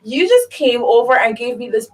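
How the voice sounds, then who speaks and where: A woman's voice: on the high side, big pitch swings, normal speed, recorded from a distance, heavy background noise. A woman with a Canadian accent, hosting a heartfelt conversation, speaking earnestly and reflectively. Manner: earnest, reflective, says "like" and "you know". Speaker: host.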